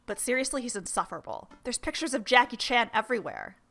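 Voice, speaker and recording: Tired, grumpy male teacher from a dating game, read by a woman in a bright voice, dry and put-upon. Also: fairly high pitch, sing-song, fast, gravelly, soft background music, exaggerated voice. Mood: exasperated. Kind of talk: reading game dialogue aloud.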